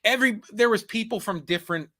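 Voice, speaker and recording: A man in his forties hosting a podcast, chatting casually and telling animated stories full of put-on quotes and laughter. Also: sits high, fast. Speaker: podcast host. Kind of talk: casual chat.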